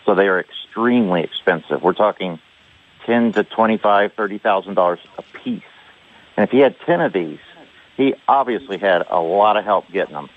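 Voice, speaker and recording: A man's voice: lowish voice, animated, normal speed. A man from Texas calling in to a radio show, earnestly explaining with some hesitation. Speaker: caller. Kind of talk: call-in radio conversation. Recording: tinny phone line.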